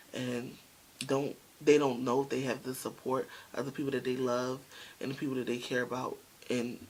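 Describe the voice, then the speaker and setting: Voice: medium pitch, slight background noise, low-quality recording. A vlogger telling a story in a casual, chatty way, speaking straight to the viewers.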